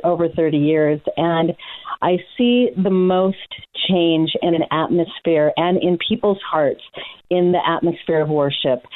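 A middle-aged woman from Oregon, a ministry leader, telling her story earnestly as a guest in an interview. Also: on the low side. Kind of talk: interview testimony. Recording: tinny phone line.

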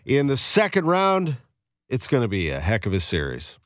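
Male radio host, lively and heated, close dry studio mic. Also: mid-range voice, normal speed, dry recording. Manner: energetic, indignant, animated. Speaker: radio sports talk host. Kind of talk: sports radio talk. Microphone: studio microphone.

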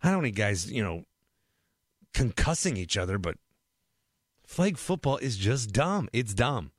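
A man's voice: on the low side, unhurried, dry recording, clean studio sound. A man hosting a sports radio show, chatting casually with callers and ranting playfully. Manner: animated, playful rants.

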